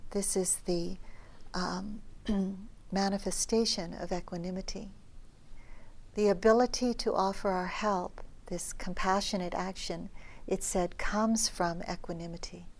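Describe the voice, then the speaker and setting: A middle-aged woman meditation teacher giving a dharma talk at a retreat, telling stories gently and often dropping to a soft near-whisper. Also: medium pitch.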